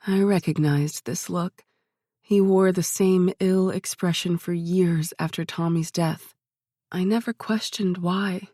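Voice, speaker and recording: A woman with a lowish voice reads a first-person audiobook at a steady, even pace. The recording is close and dry, with no room sound. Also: dry recording. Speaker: audiobook narrator.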